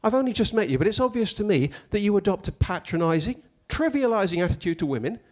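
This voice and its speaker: A man's voice: high-pitched, big pitch swings, fast talker, a little mellow, voice pushed up. A man voicing a stern, prim female university professor in a clipped, disapproving tone.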